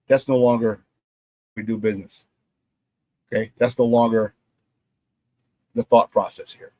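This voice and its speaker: A man hosts a laid-back sports talk show, plugging merchandise and spinning stories as he acts out the quotes with animated flair. His voice sits at a medium pitch and moves a little slowly, with no room sound.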